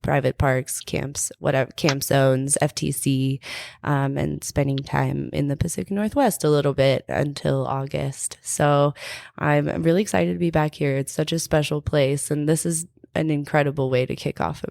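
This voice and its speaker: A woman's voice: low-pitched, fairly even intonation, moderate pace, creaky, a little mellow, no echo, clean studio sound. A young woman who builds terrain parks, chatting easygoing as a podcast guest and laughing often. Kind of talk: casual podcast chat.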